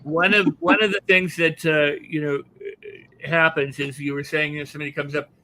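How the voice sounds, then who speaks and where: Male host, bright and pushing, a bit high for a man, chatty with stop-start phrasing. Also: steady tone, low-quality recording. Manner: conversational, reflective, halting restarts. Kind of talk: casual interview chat.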